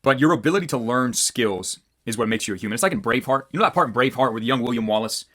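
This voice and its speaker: A man's voice: medium pitch, animated, rapid-fire, fairly bright tone. A man talking to camera as a copywriting coach, in a casual, blunt, rambling motivational style with loose fillers.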